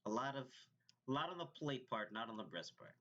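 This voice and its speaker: A man's voice: medium pitch, sing-song, a little fast, pushed and bright. A man narrating as game master of a tabletop game, hesitant and full of fillers and restarts. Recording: dull lo-fi recording.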